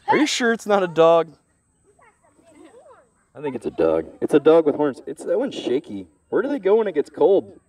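A man's voice: on the high side, wildly swooping pitch, normal speed, pauses often, darkish tone, husky, no echo. A man live-streaming from an outdoor petting zoo, talking nonstop with crude, joking banter into a handheld mic. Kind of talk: casual live-stream commentary.

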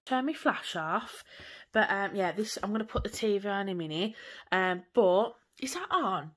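A woman in her 20s from England vlogs from her living room, chatty and rambling, with some light swearing. Her mid-range voice moves at normal speed with lively intonation.

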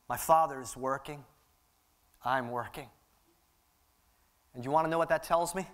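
High-voiced impassioned male preacher. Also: a bit bright. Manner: impassioned, repetitive preaching cadence. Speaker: pastor. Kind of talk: sermon. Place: church sanctuary.

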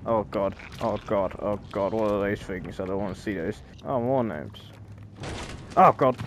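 A man's voice: fairly low pitch, moderate pace, darkish tone, a little hiss or hum. A man giving casual, jokey let's-play commentary on a horror game, easily startled and chatty. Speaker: gaming YouTuber.

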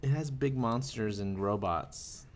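A man's voice: mid-range voice, a little slow, slight background noise. A man co-hosting a casual podcast chat, keeping the group on topic with lots of hesitant fillers. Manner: steers the talk, hesitant with fillers. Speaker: podcast co-host.

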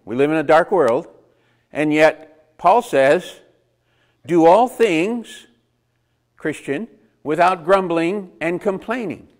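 A man's voice: on the high side, a little slow. A man preaching a conversational sermon, asking the congregation rhetorical questions and chuckling between points. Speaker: pastor.

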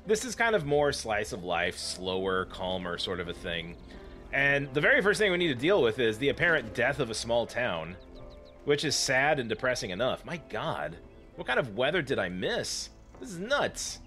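A man narrating his own let's play with a dry, joking edge. His voice is bright and moves up and down a lot. Faint game music plays underneath. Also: medium pitch, very animated, normal speed. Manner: joking, sarcastic. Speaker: gaming channel host.

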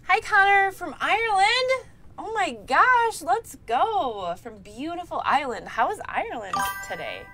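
Giggly high-voiced woman streamer. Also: sing-song, a little slow, bright, forceful tone, a little hiss or hum. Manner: giggly, laughs often and reads chat names aloud. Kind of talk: casual live-stream chat.

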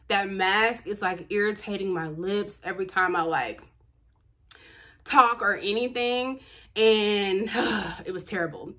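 A young woman telling a dramatic storytime on her book vlog, chatty and expressive, calling her viewers y'all. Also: mid-range voice, slow pace. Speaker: book vlogger.

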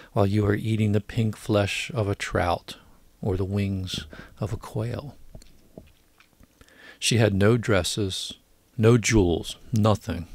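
A man narrating an audiobook of a classic short story in a measured, deliberate way. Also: lowish voice, a little mellow, no echo. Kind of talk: scripted narration.

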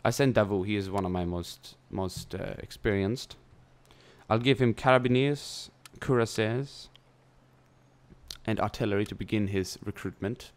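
A young man with a very low voice talks through his turns in a strategy game, chatty and loose. He thinks aloud as he plays, with the odd swear word. He speaks close to a desk mic. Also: a little slow. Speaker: gameplay commentator. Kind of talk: casual let's-play commentary.

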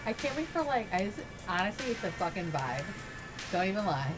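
A woman's voice: mid-range voice, sing-song, a little fast, music in the background. A woman chatting casually while watching a horror game, easily startled, swearing and laughing a lot. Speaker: co-player on a gaming stream. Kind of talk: casual chat while gaming.

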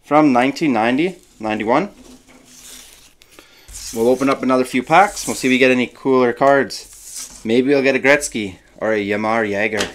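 Casual male vlogger, mid-pitched, chatty, thinks out loud. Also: moderate pace, slight background noise. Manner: chatty, muses aloud with hums. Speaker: card-opening vlogger. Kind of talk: casual unboxing chat.

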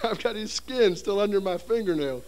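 A man's voice: high-pitched, lively intonation, moderate pace, darkish tone. A middle-aged man preaching at a seminary seminar, telling a story with humor and acting out voices and sounds. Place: seminary hall before an audience.

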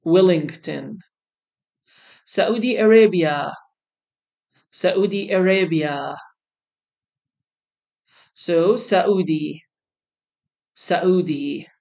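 A woman teaching a beginner English lesson, saying each word twice, slowly and clearly. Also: on the low side, darkish tone. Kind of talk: slow beginner English lesson, repeating words.

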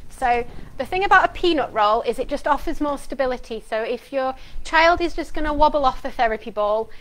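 A middle-aged woman occupational therapist giving a practical demonstration, projecting her voice clearly as she explains each step to parents in a calm, matter-of-fact way. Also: high-pitched, fairly quick, low-quality recording. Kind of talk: instructional demonstration.

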